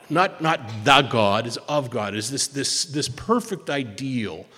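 A man shares his testimony at a recovery meeting in a storytelling way. He acts out the lines of the people in his story and often doubles back on his words. His mid-pitched voice rings with the long reverb of a hall. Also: sing-song, unhurried, sharp tone. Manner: storytelling, acts out quoted dialogue, repeats words. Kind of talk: personal testimony talk.

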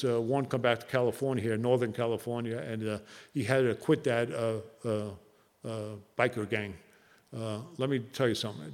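A man with a New Jersey accent speaking at a recovery meeting, telling a personal story earnestly and haltingly, with many fillers. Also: mid-range voice, darkish tone. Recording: long hall reverb.

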